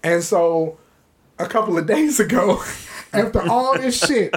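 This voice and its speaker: A man's voice: high voice, unhurried, breathy edge. A man co-hosting a podcast, telling a story in casual chat, slangy and profane, acting out what people said. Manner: animated, profane, slangy, acts out quotes. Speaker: podcast co-host.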